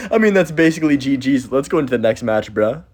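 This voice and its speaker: A young man giving excitable, chatty commentary over his own gameplay, talking straight to his viewers. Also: mid-range voice, brisk, slightly rough. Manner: excitable, chatty, talks to viewers as "guys" and "bro". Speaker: gaming YouTuber.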